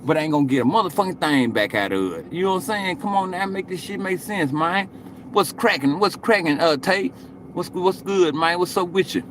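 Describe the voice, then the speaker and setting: A man's voice: high voice, fairly quick, a bit bright, a little hiss or hum. A man in his late forties chatting casually to viewers on a live stream, rambling and cursing, and tagging most thoughts with "you know what I'm saying.". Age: 40s.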